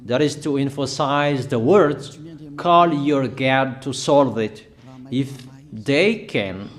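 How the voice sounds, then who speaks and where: A man preaching a prophetic sermon, slowly and emphatically proclaiming a list of declarations with heavy repetition. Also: mid-range voice.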